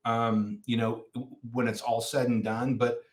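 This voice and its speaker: A man as a podcast guest, telling stories in a rambling, animated way during a casual chat. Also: medium pitch, a little slow. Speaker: podcast guest, nonprofit founder.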